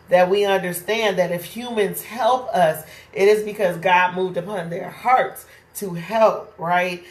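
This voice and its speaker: A woman's voice: on the low side, roomy sound. Conversational woman teaching the Bible. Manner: conversational, keeps asking "right?".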